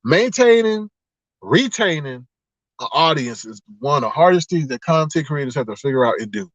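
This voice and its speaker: A man chatting casually on a livestream with his viewers, animated and laughing often as he drifts into preachy asides. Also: on the high side, normal speed, no room sound, lo-fi sound. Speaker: online streamer.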